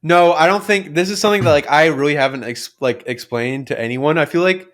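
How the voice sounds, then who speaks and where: A man's voice: a little high, a little fast, fairly bright tone. A young man co-hosting a podcast, telling childhood stories in a rambling, casual way full of fillers and swearing. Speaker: podcast co-host. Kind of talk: casual chat.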